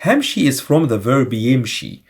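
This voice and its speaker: A man whose first language is Egyptian Arabic, teaching phrases from a film scene and repeating them slowly and carefully. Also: mid-range voice, big pitch swings, gravelly, breathy edge. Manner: slow careful repetition.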